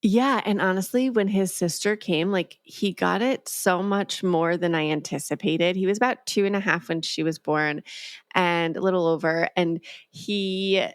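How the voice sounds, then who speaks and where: A woman guest and emotional development expert, speaking in a calm, measured way on a podcast interview, with a gentle tone when she quotes herself talking to a child. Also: lowish voice, no room sound, clean studio sound.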